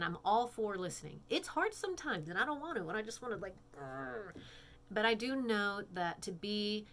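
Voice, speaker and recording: A woman's voice: mid-range voice, fairly bright tone, a little hiss or hum. A woman instructor giving a casual, frank recorded lecture, peppering her speech with "you know" and "right?".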